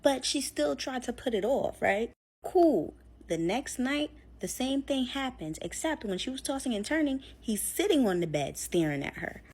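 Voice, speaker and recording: A woman's voice: high-pitched, big pitch swings, normal speed, a little mellow, slightly rough. A woman telling a scary story in a chatty, casual way, full of fillers, acting out what people said. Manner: chatty, filler-heavy, acts out quotes.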